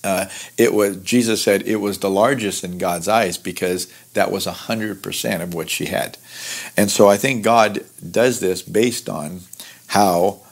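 A man teaching through a Bible passage in an earnest, conversational way, explaining verses with lively asides. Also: low-pitched, unhurried, gravelly. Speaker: pastor teaching Bible study.

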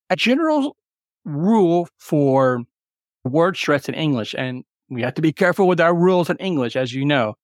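A man teaching English exam tips in a recorded webinar, explaining clearly and spelling things out slowly. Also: fairly high pitch, dry recording, clean studio sound.

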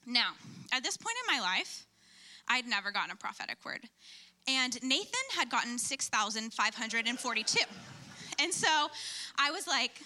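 A young woman giving a personal testimony at church in a chatty, animated storytelling way. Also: sits high, normal speed. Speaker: speaker at church.

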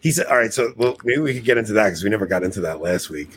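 A man's voice: lowish voice, expressive, very fast, a bit bright, a little hiss or hum. A man hosting a podcast in casual chat, rambling and laughing at himself. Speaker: podcast host.

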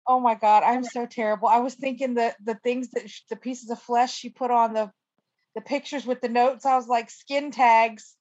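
A woman's voice: fairly high pitch, little pitch movement, fairly quick, a little mellow, no echo, lo-fi sound. A woman co-hosting a casual podcast, chatty and self-mocking. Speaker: podcast co-host. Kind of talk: casual chat.

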